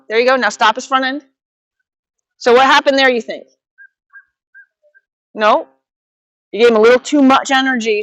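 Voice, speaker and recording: A female riding instructor coaches a student in real time, offering steady directions and quick bursts of repeated praise. Her voice sits at medium pitch, and the recording has no room sound.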